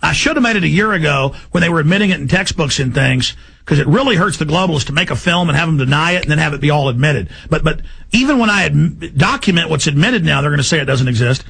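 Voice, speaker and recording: Agitated gravelly-voiced male radio host. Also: on the high side, expressive. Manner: agitated, fast, shouting bursts. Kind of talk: heated talk radio rant.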